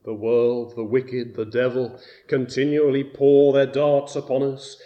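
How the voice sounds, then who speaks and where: A man preaching a sermon, slow and deliberate, rising to loud emphatic bursts on key words. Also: mid-range voice, flat delivery, muffled recording.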